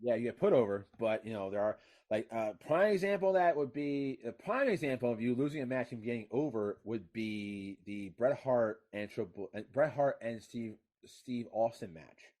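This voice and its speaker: A man co-hosting a casual wrestling chat, swearing freely, whose voice climbs high and loud when he gets worked up. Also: expressive, normal speed, hardly any pauses. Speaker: podcast co-host.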